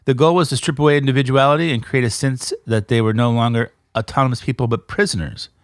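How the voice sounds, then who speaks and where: A man hosting a casual podcast, retelling a story with animated energy and often checking in with his listener. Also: mid-range voice, fast, no room sound, studio quality. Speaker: podcast host.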